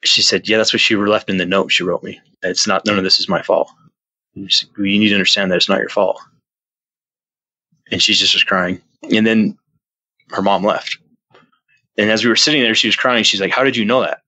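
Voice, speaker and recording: A man telling a personal story as a podcast guest, earnest and rambling, with many restarts, jumping up in pitch when he acts out his own past lines. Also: fairly even intonation, fairly quick, long pauses, sharp tone, dry recording, poor audio. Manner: earnest, rambling retelling with frequent restarts and fillers. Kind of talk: casual storytelling in an interview.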